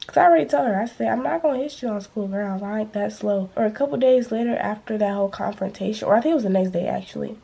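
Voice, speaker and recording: Husky young woman telling a storytime. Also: medium pitch. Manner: animated, slangy storytelling, acting out quotes. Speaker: vlogger. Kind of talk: storytime vlog.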